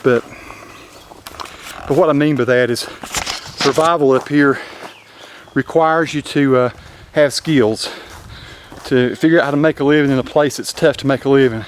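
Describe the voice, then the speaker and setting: A man with a western North Carolina mountain accent, rambling in a relaxed, folksy way as he walks through the woods. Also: mid-range voice, normal speed, slight background noise. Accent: western North Carolina mountain Southern. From Appalachian Highlands, North Carolina. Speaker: vlogger. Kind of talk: casual walking commentary. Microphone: handheld camera mic.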